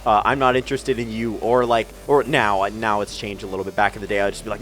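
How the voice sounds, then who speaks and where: A man's voice: on the low side, level tone, fast talker, fairly bright tone, soft background music. A young man telling a rambling, self-mocking story as commentary over gameplay, swearing freely. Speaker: gaming channel storyteller.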